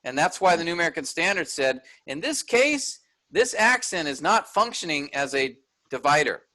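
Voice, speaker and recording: A man's voice: a little high, expressive, brisk, pushed and bright, rough recording. A man teaching a workshop, explaining step by step and often checking in with "all right?".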